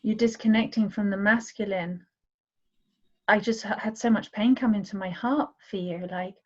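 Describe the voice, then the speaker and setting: A woman taking part in a women's healing circle on a video call shares emotionally, speaking earnestly and affectionately to the others. Her mid-range voice holds a steady tone at normal speed, and the audio is dull and lo-fi.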